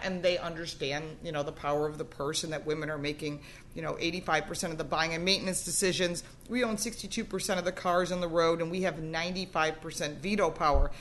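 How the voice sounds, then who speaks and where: A woman and former dealer trainer telling stories in lively, emphatic conversation. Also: on the low side, a little hiss or hum. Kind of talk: casual panel talk.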